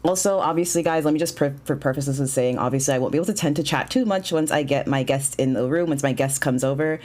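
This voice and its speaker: A man hosting a casual livestream talk show, bubbly and excitable, chatting and greeting viewers. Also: on the high side, fast. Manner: bubbly and excitable, with bursts of shouting and laughter.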